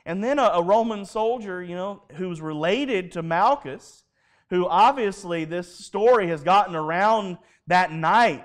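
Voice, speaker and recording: A man preaching a sermon at a live church service, telling stories in an animated way and acting out the dialogue. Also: on the high side, moderate pace. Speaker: pastor.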